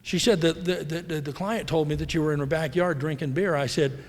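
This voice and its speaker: A man's voice: on the high side, brisk. A middle-aged man from the United States giving a candid, rambling personal talk at a recovery convention, acting out the voices of people he quotes. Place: large hall. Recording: live hall recording with long reverb.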